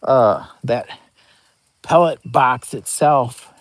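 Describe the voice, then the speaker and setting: A man's voice: medium pitch, very slow, no echo. A man talking casually in a rambling, goofy, slangy product review vlog, outdoors at camp. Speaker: vlogger. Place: camping outdoors.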